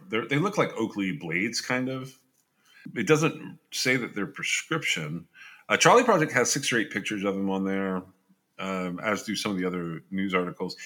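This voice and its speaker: Deep-voiced, bright man hosting a podcast. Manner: reads case details aloud and adds his own asides. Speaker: podcast host. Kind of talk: casual true-crime podcast discussion.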